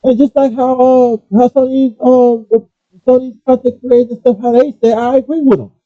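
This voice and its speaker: A man ranting casually about gaming and pausing often to apologize for his language. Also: very high voice, no room sound. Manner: animated, apologetic asides, restarts. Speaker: gaming commentator. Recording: dull lo-fi, dry.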